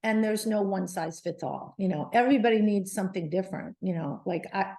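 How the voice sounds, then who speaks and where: A middle-aged woman, a guest on an interview show, telling her story in a lively, animated way with many restarts. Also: mid-range voice, fairly quick. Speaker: guest, menopause advocate.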